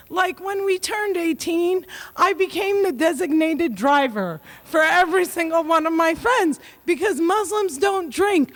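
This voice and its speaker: A woman giving a comedic keynote speech, joking and self-mocking with quick punchlines. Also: very high voice. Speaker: keynote speaker.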